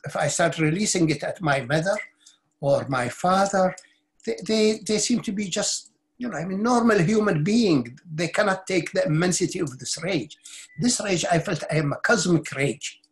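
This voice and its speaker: A middle-aged man speaking as a spiritual teacher in an interview, his voice sitting a little above the usual male pitch. He recounts his own experience earnestly and intensely, stumbling into restarts and repeated words as he searches for the right phrase. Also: animated, normal speed. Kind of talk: personal storytelling in an interview.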